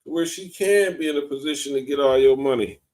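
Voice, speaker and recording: A man's voice: medium pitch, fairly quick, darkish tone. A man hosting a casual live-streamed talk show, ranting bluntly and mockingly with plenty of profanity. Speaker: host. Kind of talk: casual podcast commentary. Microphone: video call or stream mic.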